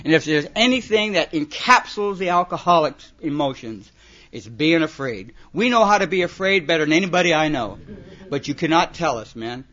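Speaking to a recovery meeting in a fairly high, bright, forceful voice, a man rattles off comic stories from his own life at a brisk, animated clip. He rambles, peppering everything with "you know" and "man," while a muffled recording catches the audience laughing.

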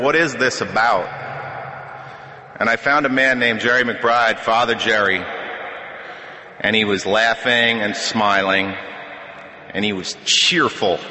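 A middle-aged man sharing his recovery story at a meeting podium, wry and self-deprecating, with halting restarts. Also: fairly low pitch, pushed and bright. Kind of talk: personal testimony at a podium. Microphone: podium microphone. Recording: echoey hall reverb.

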